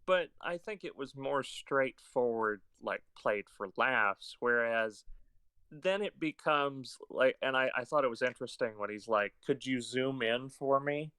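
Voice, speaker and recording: A man's voice: medium pitch, lively intonation, measured pace, bright, forceful tone, clear, resonant tone, no echo. A man co-hosting a podcast, talking casually about films with frequent fillers and hesitant restarts. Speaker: podcast co-host. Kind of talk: casual film discussion.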